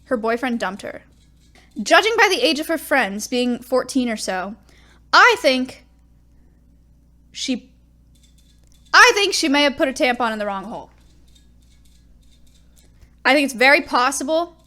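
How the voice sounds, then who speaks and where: High-voiced young woman rambling through stories. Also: big pitch swings, a little slow, long pauses, pushed and bright. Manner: rambling, self-deprecating storytelling. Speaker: streamer. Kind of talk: casual chat.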